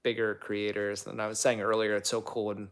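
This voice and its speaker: Young guy w a gravelly voice, rambling thru chat on his livestream, lots of ums and likes. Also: fairly low pitch, monotone, brisk, a bit bright. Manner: rambling and chatty, lots of fillers. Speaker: livestream host and actor. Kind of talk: casual livestream chat, reading viewer comments.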